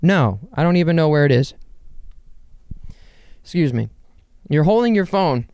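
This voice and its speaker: A young man hosting a casual solo podcast from his bedroom, rambling and joking with quick asides to himself. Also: a little high, lively intonation, a little mellow, clear, resonant tone, dry recording. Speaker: podcast host.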